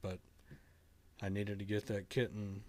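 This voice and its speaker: A middle-aged man casually telling a story to camera in a halting, earnest way, often restarting his sentences. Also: on the low side, monotone, noisy background. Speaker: vlogger telling a kitten rescue story.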